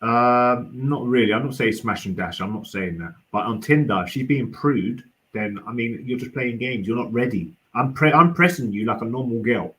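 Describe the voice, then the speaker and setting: A man's voice: medium pitch, moderate pace, hardly any pauses, fairly bright tone, slight background noise, poor audio. A young man on a livestream panel, rambling and hesitant, full of restarts and fillers. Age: young adult. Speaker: panel guest. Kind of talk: casual debate.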